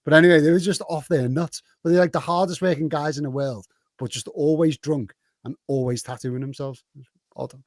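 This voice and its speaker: A man with a Liverpool accent spins a rowdy story in a casual podcast chat, voice sitting a touch high for a man. He swears freely, laughs through his lines and acts out what others said. The sound is dry and close. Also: steady tone, brisk, a little mellow, no echo. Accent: Liverpool English. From Liverpool, England.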